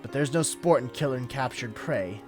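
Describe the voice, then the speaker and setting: A man putting on a drawling, rough-spoken female hunter leader who mocks and threatens. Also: medium pitch, normal speed, close to an everyday voice. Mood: threatening. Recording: clear background music.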